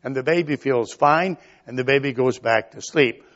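A man's voice: medium pitch, moderate pace, a bit bright, highs cut off. An older man preaching a sermon in a folksy storytelling manner, acting out little quoted lines along the way.

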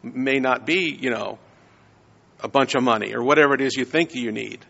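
A man's voice: medium pitch, moderate pace, gravelly, bright, forceful tone, big-room sound, muffled recording. A man giving a conversational sermon, often checking in with his listeners. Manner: conversational, frequent "right?" tags. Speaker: preacher.

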